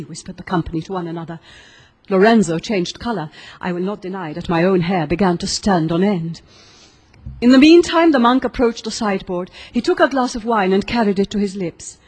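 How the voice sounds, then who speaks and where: A woman narrating a gothic story as an audiobook reader, in a steady, expressive storytelling manner. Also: medium pitch, brisk, husky.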